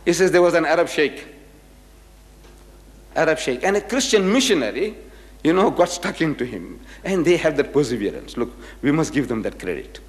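A man's voice: a little high, very animated, moderate pace, long reverb tail. An older man giving a religious lecture to an audience, telling anecdotes and acting out the voices of the people in them. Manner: storytelling, acting out quoted voices.

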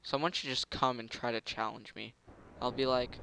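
A man's voice: medium pitch, steady tone, moderate pace, gravelly, sharp tone, a little hiss or hum. A man giving casual commentary over a video game, muttering to himself, humming little tunes and bursting into gloating. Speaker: gameplay commentator.

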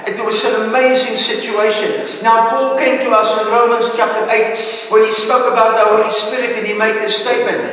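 A man preaches with a high voice to a Sunday congregation, earnest and at times searching for words. He sounds far from the microphone, his voice carrying through a big echoing hall with a long reverb. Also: flat delivery, a little fast, a bit bright. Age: older. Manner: earnest preaching, hesitant fillers. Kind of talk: sermon. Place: church service.

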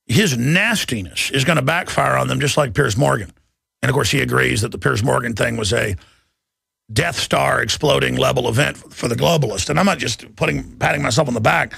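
A male radio host with a gravelly, husky voice. He talks fast and emphatically in a dry studio and keeps restarting his sentences. Faint music plays behind him. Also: medium pitch, pushed and bright, dry recording. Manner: rapid, emphatic, with many restarts. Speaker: radio talk show host. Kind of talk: talk radio monologue and live ad read. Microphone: studio microphone.

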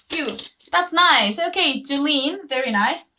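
A Korean woman teaching a live online language lesson, drilling syllables slowly and cheering on her students. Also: sits high, expressive, background noise. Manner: slow, drawn-out syllable drills, cheerful praise.

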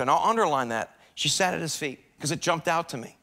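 Male pastor, conversational devotional teaching in church, clear bright tone, a little higher than most men. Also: fast. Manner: conversational, acts out prayers and complaints in a raised voice.

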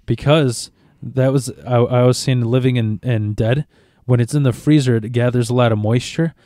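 A man's voice: mid-range voice, steady tone, moderate pace, dark tone, no echo, clean studio sound. A young man chatting casually as a podcast co-host, rambling with profanity and many restarts. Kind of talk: casual chat.

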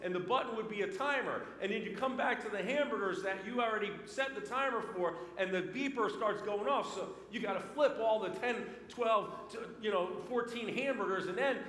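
A male pastor with a notably high voice delivers a storytelling sermon. His voice swings between loud bursts and hushed passages. The sound is roomy, with a long reverb tail from the church hall. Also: a little fast, few pauses. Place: church sanctuary.

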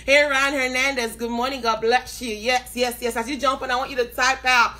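A woman preacher opening a live broadcast. She greets her viewers by name one after another, sounds excited and laughs often. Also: sits high, normal speed, hardly any pauses.

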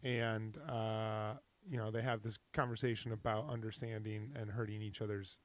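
A man's voice: fairly low pitch, flat delivery, normal speed. A man co-hosting a podcast in casual chat, rambling and hesitant with many restarts. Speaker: podcast co-host.

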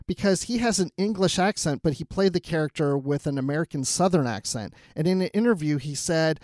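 A man on a podcast, talking in a casual, animated way that often breaks into laughter. His voice sits a little high, and the recording is close and dry, with no room sound. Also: a little fast, few pauses, no echo. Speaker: podcast co-host. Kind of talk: casual review chat.

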